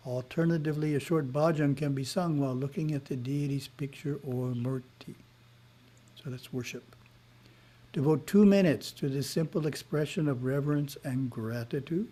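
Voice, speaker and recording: A man giving a spiritual lesson in a webinar, reading in a measured way with short asides, heard over a video call. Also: a little high, warm tone. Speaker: spiritual teacher.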